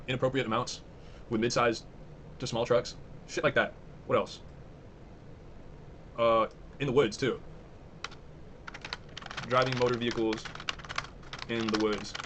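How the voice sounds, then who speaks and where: A man's voice: medium pitch, level tone, measured pace, long pauses, slight background noise. A young man giving casual, offhand commentary, thinking aloud and swearing as he browses. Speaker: vlogger.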